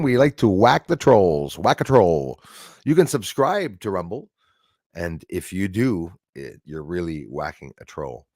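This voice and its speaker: A man's voice: deep voice, very animated, unhurried, darkish tone, no room sound, clean studio sound. A man hosting a casual livestream, reading viewer comments aloud, chuckling often and rambling between topics. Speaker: livestream host.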